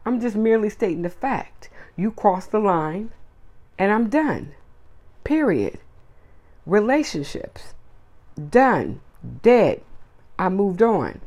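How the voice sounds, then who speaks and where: A woman's voice: lowish voice, darkish tone. A woman hosting her own podcast, talking bluntly and emphatically as she stacks repeated words one after another. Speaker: podcast host. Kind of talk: solo opinion podcast monologue.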